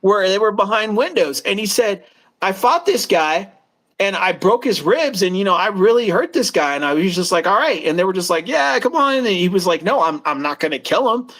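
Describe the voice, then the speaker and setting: A man's voice: high voice, animated, brisk, a bit bright. A man co-hosting a casual chat show who tells long, rambling stories and acts out the people in them. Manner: rambling storyteller, acts out quoted voices. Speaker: co-host.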